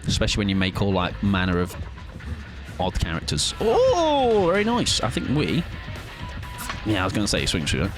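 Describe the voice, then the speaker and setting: A man's voice: low-pitched, brisk, pauses often, music in the background. A British man streaming a game live, rambling and joking with his viewers in casual chat. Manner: rambling, jokey, chats with viewers.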